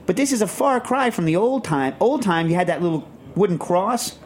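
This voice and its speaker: A man hosting a casual radio chat show in a studio, talking in a rambling, emphatic, animated way. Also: sits high, moderate pace.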